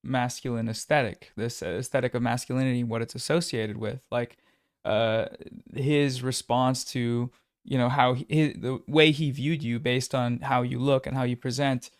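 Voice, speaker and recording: A man hosts a casual stream chat, speaking at a middle pitch and pausing often as he feels for the right words. His voice comes through dry and close. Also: fairly even intonation, dry recording. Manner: halting, searching for words. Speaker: stream host.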